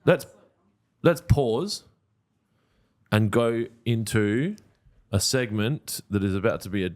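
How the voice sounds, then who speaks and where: A man's voice: lowish voice, animated, slow. A man, co-hosting a podcast in blunt, joking, casual chat. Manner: blunt, joking, swears freely. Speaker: podcast co-host.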